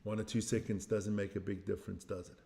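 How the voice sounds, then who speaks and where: A man's voice: lowish voice, little pitch movement, fast, creaky, mellow. A middle-aged man hosting a casual live stream, chatting loosely as he reacts to a match, answering viewers' comments and joking about his age. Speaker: watch-along stream host.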